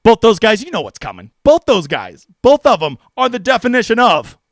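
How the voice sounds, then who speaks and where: A man streaming fantasy golf picks in casual livestream commentary, brash and profane, excitable and jokey. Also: very high voice, fairly quick, dry recording. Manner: excitable, with mock voices.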